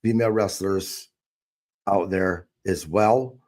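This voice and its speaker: A man's voice: low voice, steady tone, slow pace, a little mellow. A man hosting a casual wrestling podcast, putting questions to his co-hosts. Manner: asks co-hosts questions, reads listener questions. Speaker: podcast host.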